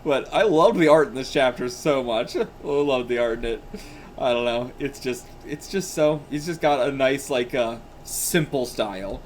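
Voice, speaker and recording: A man's voice: medium pitch, moderate pace, slight background noise. A man hosting a manga reaction video, talking in a chatty, casual way, laughing often and filling his talk with "like" and "you know".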